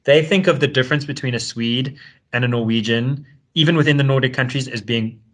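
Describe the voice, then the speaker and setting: A man from South Africa co-hosting a casual discussion, chatty and quick, restarting sentences and laughing easily. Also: mid-range voice.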